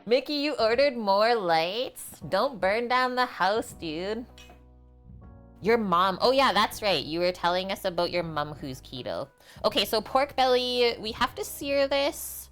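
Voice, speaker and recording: A woman's voice: medium pitch, expressive, a little slow, fairly bright tone, soft background music. A young woman hosting a casual cooking livestream, chatting with viewers while she preps food in her home kitchen. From half French. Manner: chatty, reads and answers chat while cooking.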